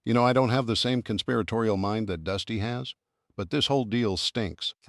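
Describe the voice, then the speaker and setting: A man's voice: lowish voice, a little fast, no echo, lightly acted. A man voicing a sarcastic, grumbling young woman scientist in an audiobook, with a dry manner. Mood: indignant. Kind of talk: audiobook character voice.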